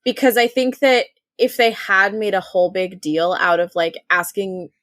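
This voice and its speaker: A woman's voice: medium pitch, steady tone, normal speed, fairly bright tone, dry recording. Woman podcast cohost, lots of "like", swears a bit, dead dry mic. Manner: lots of filler words and affirming murmurs, occasional swearing. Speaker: podcast co-host. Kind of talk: casual chat recapping a TV episode.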